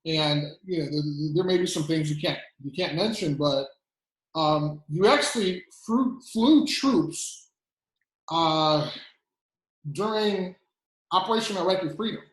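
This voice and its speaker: A man's voice: sits high, a little slow, roomy sound, low-quality recording. A man hosting a podcast interview, asking curious questions in a casual way. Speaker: podcast host.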